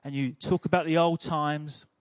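A man's voice: a little high, fairly even intonation, normal speed, no room sound. A man preaching a sermon in a chatty, humorous storytelling way.

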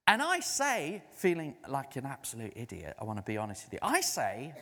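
A man's voice: on the high side, big pitch swings, a little fast, few pauses, bright, forceful tone. A man preaching a sermon, telling a story and acting out others' words in a raised voice. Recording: long hall reverb.

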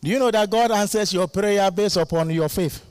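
A male guest preacher giving a lively sermon, laughing often and calling out to the congregation for responses. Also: high voice, moderate pace, smooth, no echo.

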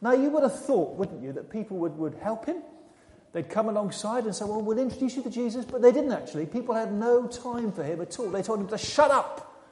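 A male preacher tells a story as a sermon, dramatic and then hushed. His voice sits high for a man and sounds mellow. A long reverb fills the church hall around him. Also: big pitch swings, a little fast. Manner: dramatic storyteller, quiet and intimate at the close.

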